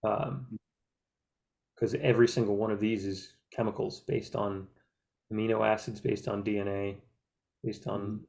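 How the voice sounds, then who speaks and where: A man's voice: lowish voice, flat delivery, measured pace, gravelly, long pauses, a little mellow. A man in casual group chat, talking in an earnest, meandering way with many filler words. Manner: earnest, reflective. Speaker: group discussion member.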